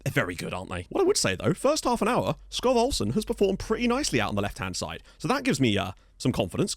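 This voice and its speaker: A man commentating his football management game, joking and getting excited at key moments. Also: mid-range voice, fast talker, hardly any pauses, dry recording, studio quality. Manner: excitable, jokey, shouts at goals. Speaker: gaming YouTuber. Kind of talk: let's play commentary.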